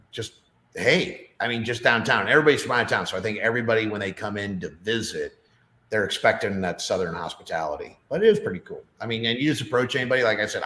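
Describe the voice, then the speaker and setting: A man's voice: lowish voice, a bit bright. A middle-aged man talking as a podcast guest in a casual, rambling way with lots of fillers. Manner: rambling, chatty, many fillers. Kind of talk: casual chat. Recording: roomy echo.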